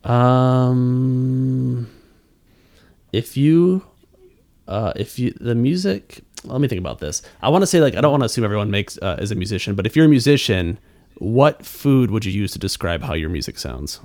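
A man's voice: mid-range voice, very animated, normal speed, a little mellow. Hesitant man guest on a podcast. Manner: hesitant, self-deprecating, many fillers. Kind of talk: casual chat.

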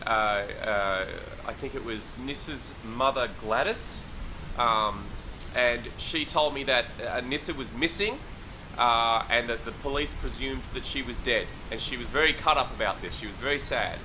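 A man's voice: medium pitch, normal speed, noisy background, natural voice. A man playing a bumbling field reporter who rambles and hesitates with lots of uh and um. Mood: befuddled.

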